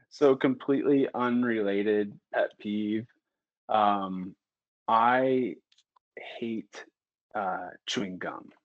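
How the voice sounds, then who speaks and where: Candid, animated man on a dry, dull recording. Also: fairly low pitch, drawn-out words, long pauses, dry recording. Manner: candid and animated, works himself into heated rants. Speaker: physician guest. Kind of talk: casual podcast conversation.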